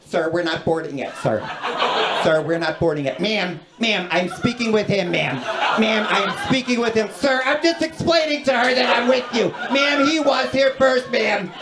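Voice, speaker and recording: A man doing a shrill, flustered gate agent. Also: expressive, normal speed. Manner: repetitive, exasperated, increasingly shrill. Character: flustered, cranky female airport gate agent. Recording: roomy club with loud audience noise.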